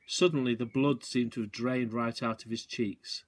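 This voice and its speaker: Reading a children's book aloud at a normal speed, a male teacher uses an expressive, mid-range voice and slips in brief comments to the listeners.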